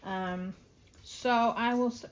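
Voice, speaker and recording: A woman's voice: on the high side, steady tone, slow. A woman talking casually at home in a craft vlog, rambling along with lots of "like" and "um". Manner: chatty and rambling, many "like" and "um" fillers. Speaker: craft vlogger. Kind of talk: casual monthly roundup vlog. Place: at home indoors.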